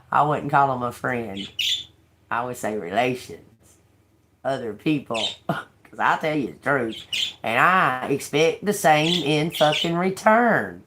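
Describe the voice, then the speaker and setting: A woman tarot reader talking in a casual, rambling monologue, blunt, sarcastic and full of swearing, laughing between remarks. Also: extremely low pitch. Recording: noisy home recording.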